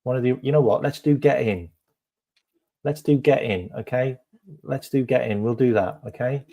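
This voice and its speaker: A man's voice: medium pitch, brisk, mellow. A man hosting a casual live stream, chatting to viewers with lots of ums and repeated phrases.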